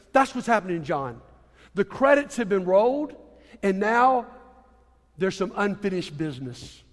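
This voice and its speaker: A man preaching a sermon, telling a Bible story in a conversational way with frequent restarts. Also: sits high. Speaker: pastor. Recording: long reverb from a hall.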